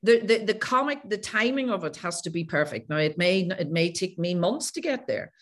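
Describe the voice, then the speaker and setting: On a podcast, a female coach who works with clients shares personal stories in an interview, bringing them to life by acting out old conversations. Her lowish voice is animated and moves at a moderate pace.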